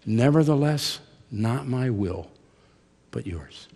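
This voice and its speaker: An older man preaching a chapel sermon, slow and deliberate, with a lively pitch that drops to a near whisper and then rises loud. His voice rings with the long reverb of a large hall. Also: gravelly, husky. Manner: dramatic shifts from hushed to loud. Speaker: seminary professor.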